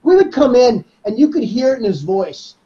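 A man, a jiu-jitsu black belt guest on a podcast, chatting in a relaxed way about old training days. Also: extremely high pitch, moderate pace, highs cut off. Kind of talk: casual chat.

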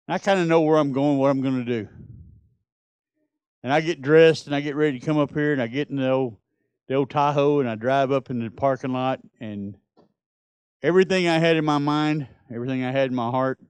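A man's voice: mid-range voice, normal speed, pauses often, darkish tone, clean tone, no echo. A middle-aged man, preaching a sermon and telling Bible stories with rising, emphatic peaks. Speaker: pastor.

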